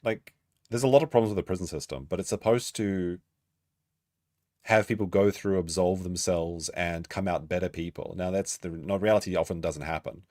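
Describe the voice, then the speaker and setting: A man's voice: sits low, normal speed, a little mellow, no echo, clean studio sound. A man hosting a stream and reacting to a clip, blunt and swearing freely in long asides. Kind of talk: casual reaction commentary.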